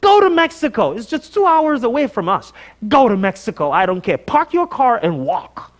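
A man from Nigeria, preaching a sermon in church as a guest preacher, telling stories with animated delivery and acting out the voices of others. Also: sits high, moderate pace.

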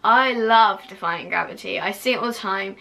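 A woman's voice: medium pitch, normal speed, gravelly, bright, forceful tone. A young woman vlogging casually to camera, gushing and full of fillers, now and then dropping to a whisper.

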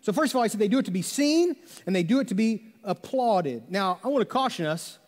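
A man's voice: high-pitched, expressive, brisk, in a large hall. A man preaching a sermon as pastor, telling jokes and stories in a conversational way and asking the congregation rhetorical questions. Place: church sanctuary.

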